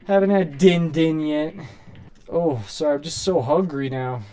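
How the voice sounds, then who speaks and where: A man doing casual, excitable gameplay commentary, swearing and shouting at his character while saying he is hungry and tired. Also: fairly high pitch, a little slow, clear, resonant tone. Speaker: gaming streamer.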